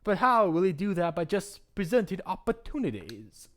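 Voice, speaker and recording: An earnest young princess, as a man puts her on with a raised voice. Her lines stay curious and sincere, with a lively rise and fall. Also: sits high, normal speed, pitched above the performer's own voice. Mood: questioning.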